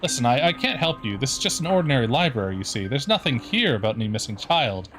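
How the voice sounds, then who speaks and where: A man's voice: medium pitch, big pitch swings, quick pace, natural voice. A man putting on a prim evasive librarian lady. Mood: flustered polite. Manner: sweetly condescending, calls people dearie. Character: prim evasive woman librarian, middle-aged.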